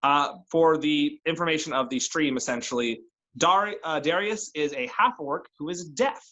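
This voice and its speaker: A man's voice: fairly high pitch, normal speed, pushed and bright, rough recording. A man running a tabletop role-playing game, narrating and chatting casually with his players. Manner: casual, chatty, with restarts and laughs. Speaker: game master.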